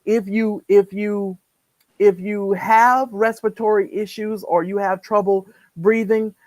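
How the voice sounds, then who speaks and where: A woman's voice: medium pitch, fairly even intonation, a little slow, darkish tone, dry recording, poor audio. A woman co-hosting a live-stream chat show, talking in an emphatic way and repeating words when worked up. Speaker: co-host. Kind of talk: casual live-stream commentary.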